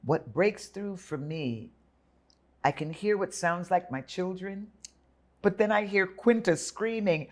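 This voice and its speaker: An older woman telling her story in an interview, lively and dramatic, acting out the voices of others. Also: medium pitch, measured pace. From Jamaica and United States. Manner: animated storyteller, acts out voices. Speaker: guest.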